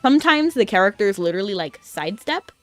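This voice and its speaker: A woman's voice: mid-range voice, big pitch swings, quick pace, faint music behind. A young adult woman chatting casually on a gaming stream, rambling along with lots of "like". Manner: chatty and rambling, with frequent filler "like". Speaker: VTuber streamer.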